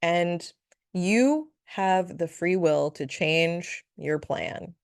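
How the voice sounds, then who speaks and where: A woman's voice: low-pitched, vocal fry, a little mellow, no room sound, studio quality. A woman hosting a solo spiritual podcast, talking in a chatty, playful way with frequent giggles and asides. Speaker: podcast host, spiritual reader.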